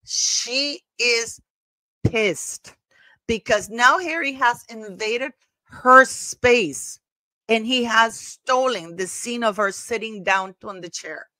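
A woman's voice: fairly high pitch, takes it slowly, bright, forceful tone, dry recording. A woman hosting a commentary channel, talking casually and emphatically over footage, gossipy and prone to repeating herself.

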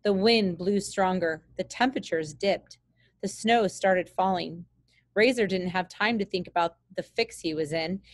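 A woman teacher reading a children's book aloud in a steady, plain way with small slips. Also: on the low side, a little slow, dry recording.

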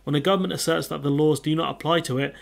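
A man's voice: fairly high pitch, steady tone, fast, vocal fry. A young man reading news articles aloud and adding blunt, mocking asides, with plenty of fillers and restarts. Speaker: political commentator. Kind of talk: casual political commentary reading news.

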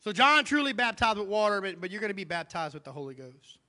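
A man's voice: sits high, big pitch swings, quick pace, sharp tone. A male pastor preaching a sermon in a church, emphatic and repeating his key phrases. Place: church sanctuary. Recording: long church hall reverb.

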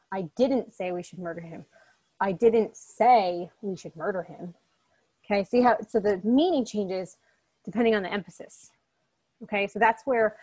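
A woman with a mid-range, darkish voice gives a recorded online lecture as a college English instructor. She talks casually and chattily, often checking in with "okay?" and addressing her students directly and encouragingly.

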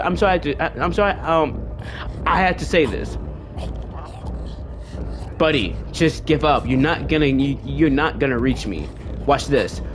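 A gaming streamer doing let's play commentary, cursing and mocking the game's enemies in a taunting sing-song, with excitable outbursts. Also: mid-range voice, background noise. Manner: profane trash-talking of game enemies.

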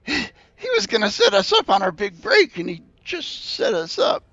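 Shrill panicky furry band creature. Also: male voice, huge pitch swings, normal speed, gravelly, bright, forceful tone, dry recording, exaggerated voice. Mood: pleading. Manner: frantic, pleading, squealing. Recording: dull lo-fi sound.

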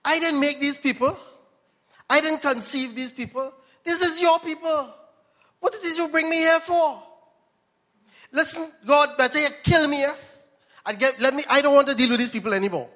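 An exasperated old prophet, as a preacher puts him on, pleading and complaining in a high, strained voice. The voice rings with a long hall reverb. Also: male voice, normal speed, pauses often, sharp tone.

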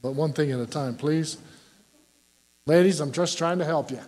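An older male pastor preaches in a folksy, joking way, tossing questions out to his congregation. His voice sits fairly high for a man. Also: moderate pace, darkish tone. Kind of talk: sermon.

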